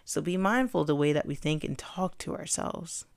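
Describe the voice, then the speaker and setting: A woman's voice: deep voice, animated, normal speed, gravelly, clean tone, dry recording, studio quality. A young woman hosting a self-help podcast, talking in an earnest, encouraging, conversational way and often repeating her main points. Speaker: podcast host.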